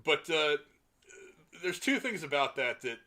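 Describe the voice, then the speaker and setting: A man's voice: fairly high pitch, sing-song, unhurried, bright, forceful tone. A man co-hosting a podcast, reading out listener comments and answering them in casual movie review chat. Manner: reads listener comments aloud and responds. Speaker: podcast co-host.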